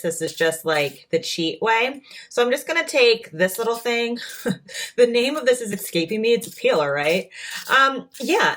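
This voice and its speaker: A woman's voice: medium pitch, a bit bright. A woman chatting casually through a cooking vlog in her home kitchen, peppering her talk with fillers. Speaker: food vlogger.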